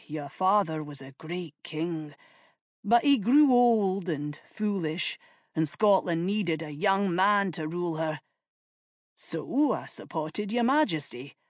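A calm Highland chief explains himself in an earnest, measured voice, read by a woman narrator. The delivery is slow and close, with a dry sound and a lively pitch. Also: no room sound. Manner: measured, respectful.

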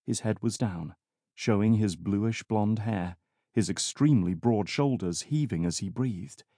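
A man narrating an audiobook in measured, scripted storytelling. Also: fairly low pitch, mellow, no room sound. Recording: dry studio recording.

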